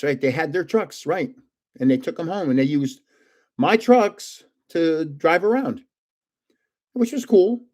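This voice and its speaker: An older man from North Jersey in the United States hosts a relaxed live stream, his voice pitched a little higher than most men's. He rambles through stories in casual chat, chuckling often.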